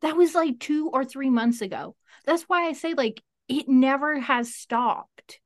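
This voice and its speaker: A woman's voice: sits high, animated, a little slow, no room sound, studio quality. Frank, profane woman telling a story. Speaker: interview guest. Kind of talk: casual storytelling.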